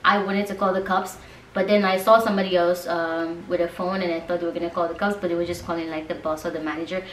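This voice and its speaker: A young woman from Nigeria tells a story straight to her viewers in an animated, chatty way. The room sounds roomy and the mic sits a little away from her. A faint hiss runs under her voice. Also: on the low side, fast talker, far from the mic. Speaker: vlogger. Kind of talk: casual storytime monologue.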